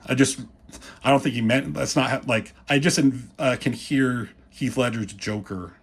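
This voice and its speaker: A man's voice: mid-range voice, normal speed, husky. A man casually walking through comic pages, rambling and swearing, acting out the characters' lines as he goes. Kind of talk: casual commentary.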